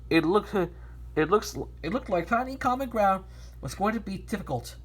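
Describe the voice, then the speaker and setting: Storybook reader, woman, husky and animated, frequent restarts. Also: medium pitch, normal speed. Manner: lively, with frequent restarts and stumbles. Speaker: narrator reading a fan story. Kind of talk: storybook reading.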